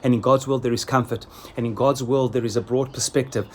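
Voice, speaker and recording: A middle-aged man delivers a sermon in an earnest, measured way, often repeating his key phrases for weight. His voice sits in a middle pitch. A faint noise runs underneath the recording. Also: steady tone. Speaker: rabbi giving a weekly Torah talk.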